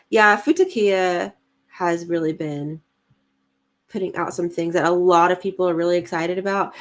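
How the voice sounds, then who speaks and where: A woman, co-hosting a casual livestream, chatty and giggly as she reads comments aloud. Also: lowish voice. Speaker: podcast co-host reading live chat.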